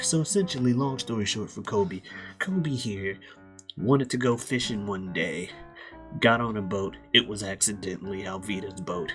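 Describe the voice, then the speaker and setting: A man's voice: fairly low pitch, normal speed, fairly bright tone, soft background music. A man casually retelling a story in a rambling, profane way as host. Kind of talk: casual comedic story recap.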